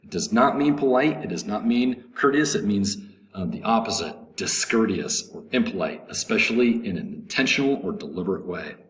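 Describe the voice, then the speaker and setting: A man with a fairly low voice leads a vocabulary lesson. He says each word several times, names its stressed syllable and fills the gaps with "um" and "uh". The recording has a roomy echo and faint background noise. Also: lively intonation. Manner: slow, repetitive pronunciation drilling with fillers. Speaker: English teacher.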